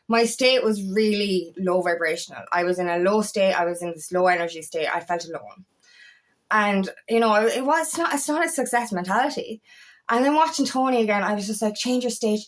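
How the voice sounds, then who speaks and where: A woman's voice: mid-range voice, fairly bright tone. Chatty woman coach rambling about habits. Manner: chatty, rambling, frequent restarts and "like". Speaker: empowerment coach. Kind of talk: casual motivational monologue.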